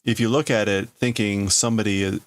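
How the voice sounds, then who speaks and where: A man on a livestream, translating a manga aloud in a halting, thinking-out-loud way. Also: fairly low pitch, fairly even intonation, no echo. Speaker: streamer.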